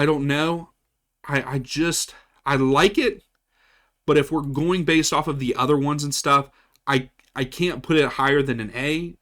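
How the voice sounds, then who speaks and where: A man's voice: medium pitch, a bit bright. Guy from west virginia doing a casual kit ranking, chatty, keeps restarting his sentences. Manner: chatty, repeats himself, frequent restarts. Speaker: soccer channel host. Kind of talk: casual tier-list commentary.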